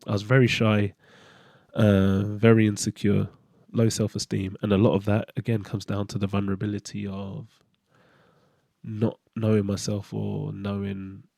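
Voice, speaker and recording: A man's voice: lowish voice, completely flat delivery, normal speed, creaky, darkish tone, no echo, studio quality. A middle-aged man speaking a candid, hesitant personal monologue as a podcast host, with fillers and restarts.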